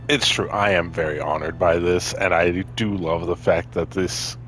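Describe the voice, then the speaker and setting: A man's voice: fairly even intonation, moderate pace, fairly bright tone, faint music behind. A man giving casual, joking commentary while playing a video game. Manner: joking and chatty, jumping into high tones. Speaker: gameplay commentator.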